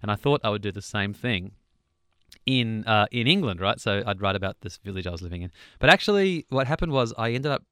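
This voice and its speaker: Chatty man, smooth low voice. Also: lively intonation, a little fast, bright, forceful tone, dry recording, clean studio sound. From Australia. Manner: rambling, chatty, with laughs and restarts. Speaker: songwriter guest. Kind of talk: relaxed interview chat.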